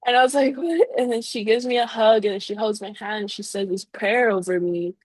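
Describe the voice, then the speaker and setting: A woman's voice: medium pitch, fairly even intonation, brisk, no room sound, low-quality recording. A young woman, a baker and business owner, telling a heartfelt personal story on a podcast, full of "like" fillers. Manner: emotional, heartfelt, lots of "like" fillers.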